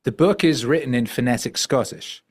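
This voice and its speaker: A man's voice: medium pitch, normal speed. Rambling middle-aged male podcast guest. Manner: animated, rambling, many fillers and restarts. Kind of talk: storytelling conversation.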